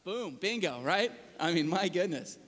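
A man preaching a sermon as pastor, in a relaxed delivery with an easy chuckle. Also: sits high, unhurried. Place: large church hall. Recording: reverberant hall from a distance.

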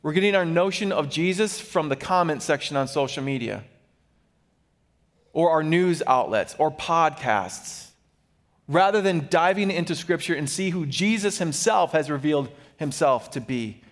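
A man with a fairly high voice preaches a sermon. His delivery is animated, with quick shifts of pitch and loudness as he acts out the figures he quotes. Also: in a large hall. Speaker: pastor.

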